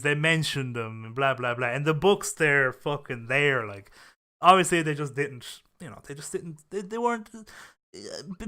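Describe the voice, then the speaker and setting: A man's voice: a little high, bright, forceful tone. A young man hosting a casual chat show, talking in a profane, rambling way full of fillers and restarts. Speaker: podcast host.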